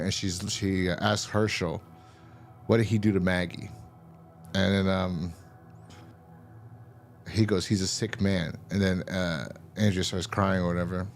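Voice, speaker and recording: Man, lowish voice, casual episode recap, rambling and swearing, faint music behind. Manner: rambling, loose, with frequent fillers and swearing. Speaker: show host reviewing a TV episode.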